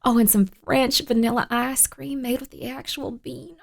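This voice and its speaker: A woman streaming a spooky game, chatting playfully with viewers, dropping to whispers while searching and bursting into excited shouts. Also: high-pitched, normal speed. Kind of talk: casual live-stream gaming chat.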